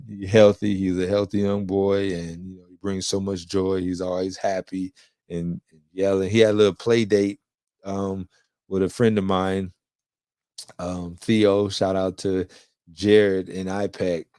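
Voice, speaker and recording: A man's voice: low-pitched, level tone, unhurried, warm tone, no room sound, clean studio sound. A young man hosting his own podcast, chatting in a laid-back, rambling way with casual slang. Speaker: podcast host. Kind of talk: casual solo podcast chat.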